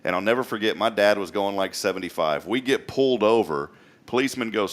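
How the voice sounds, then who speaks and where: A man's voice: on the low side, fast talker. A man hosting a local morning show, teasing and telling stories in a casual chat. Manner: jokey, teasing, animated storyteller. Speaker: host.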